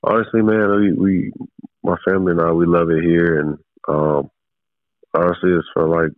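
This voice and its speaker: A man calling in as a football player guest, speaking haltingly with many fillers and restarts. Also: low voice, flat delivery, dry recording. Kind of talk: casual phone interview. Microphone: phone call. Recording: tinny phone line.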